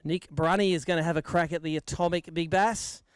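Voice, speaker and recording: A man's voice: on the high side, steady tone, brisk, clean tone, no echo, clean studio sound. An Australian man acting as MC at an outdoor fishing weigh-in, giving live commentary and bantering with the anglers.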